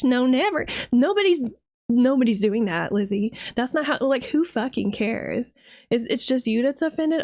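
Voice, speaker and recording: A woman's voice: sits high, lively intonation, moderate pace, a little mellow, dry recording. Heated, profane American woman streamer. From United States. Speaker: vtuber streamer. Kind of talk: reaction rant.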